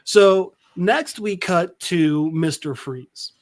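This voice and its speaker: A man's voice: high-pitched, very slow. A man hosting a podcast, recapping a comic in a casual, rambling way with lots of fillers. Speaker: podcast host.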